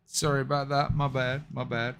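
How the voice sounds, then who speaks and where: A man's voice: mid-range voice, little pitch movement, a little slow, vocal fry, clean tone. Man, live stream host, casual chat, muttering, swearing, apologetic. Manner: frustrated, swearing, muttering to himself; apologetic, chatty with viewers. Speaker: livestream host.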